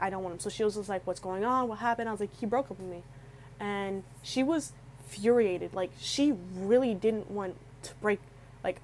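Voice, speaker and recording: A woman's voice: mid-range voice, slight background noise, low-quality recording. Emotional young woman telling a story. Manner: emotional, rambling, with frequent restarts and quoted dialogue. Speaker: vlogger telling a personal story.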